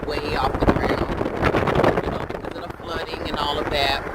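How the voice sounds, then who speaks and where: A woman chatting excitedly to her viewers while driving through the country, calling them "y'all". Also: deep voice, normal speed. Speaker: vlogger. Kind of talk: casual chat while driving. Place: inside a moving car. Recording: loud car and road noise.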